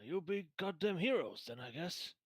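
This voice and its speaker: A man's voice: high voice, lively intonation, moderate pace, husky, voice pushed up. A man voicing a curious, raised-voice soldier. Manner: wondering, questioning tone. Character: curious talkative male soldier escort.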